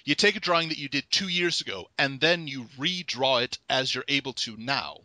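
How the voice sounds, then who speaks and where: A man's voice: medium pitch, a little fast, bright, forceful tone, no room sound. A man hosting a casual podcast interview over an online call, easygoing, chuckling and acting out small scenes as he talks.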